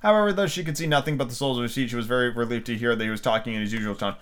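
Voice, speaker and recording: A man's voice: mid-range voice, very fast, fairly bright tone, clear, resonant tone. A man casually reading a book aloud as a podcast host, with fillers, slips and crude asides.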